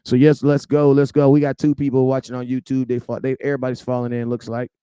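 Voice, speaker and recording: A young adult man hosting a casual livestream, loudly shouting out viewers by name in slangy talk. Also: mid-range voice, completely flat delivery, quick pace, smooth, no echo. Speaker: livestream host.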